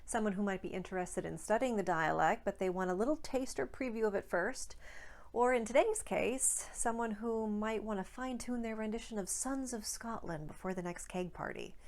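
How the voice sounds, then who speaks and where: A woman speech coach hosting a scripted accent tutorial, enunciating sample words crisply and deliberately. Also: medium pitch.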